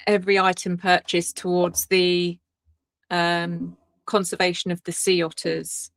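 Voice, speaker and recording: A woman tarot reader hosting a casual live stream, chatty and excitable, laughing often and greeting viewers by name. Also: on the low side, dry recording.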